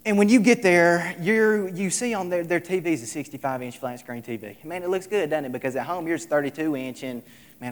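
A man preaching a sermon, emphatic, repeating his lines and swinging between loud and soft. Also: a little high, a little fast. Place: large hall, tonight service. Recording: echoey hall with long reverb.

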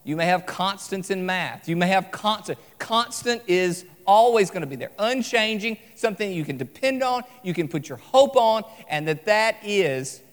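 Preacher guy, kinda high voice, earnest, slows way down on the big lines, lots of hall echo. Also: expressive. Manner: earnest, emphatic with slow stressed phrases. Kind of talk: sermon. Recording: long hall reverb.

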